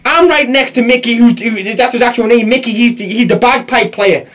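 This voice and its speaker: High-pitched male podcast host, animated comic storyteller who laughs through his tales. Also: brisk.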